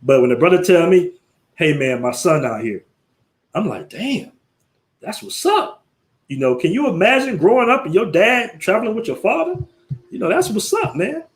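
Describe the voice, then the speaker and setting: A man's voice: high voice, very animated, fairly quick. An American man hosting a casual livestream, talking in loose slang and laughing often as he tells stories and reads out viewer messages. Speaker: livestream host. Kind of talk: casual live-stream talk.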